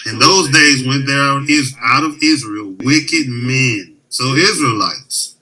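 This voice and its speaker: Man reading scripture slowly. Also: mid-range voice, sharp tone, rough recording. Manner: slow, deliberate reading. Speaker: podcast co-host.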